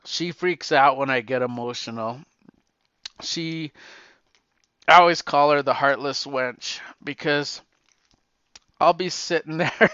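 A middle-aged man and podcaster giving a heartfelt, emotional message, halting and repeating his words, tearful at times. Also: mid-range voice, sharp tone, clear, resonant tone, no room sound, dull audio.

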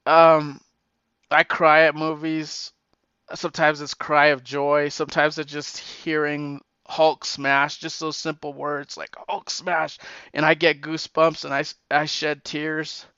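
Halting, emotional man, slow-spoken. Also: a little high, flat delivery, sharp tone, clear, resonant tone, no echo, highs cut off. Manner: halting, repeats words, tearful at times. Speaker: podcaster. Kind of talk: emotional heartfelt message.

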